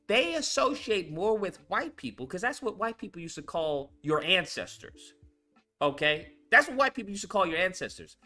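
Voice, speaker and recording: Animated, profane man ranting. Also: sits high, normal speed, faint music behind. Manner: blunt, profane, repetitive and heated. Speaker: commentary channel host. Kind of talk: casual political commentary rant.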